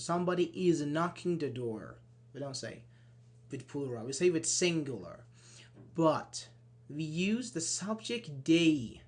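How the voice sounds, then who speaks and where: In an online English grammar class, a male teacher walks through each point methodically. His delivery is animated, full of "for example," and he performs brief practice dialogues, changing pitch to voice the sample lines.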